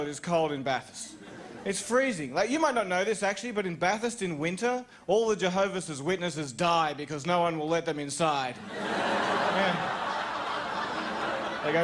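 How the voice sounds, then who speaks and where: An Australian man doing a stand-up comedy set on a club stage, chatty and animated, slipping into put-on voices for his bits. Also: sits high, noisy background.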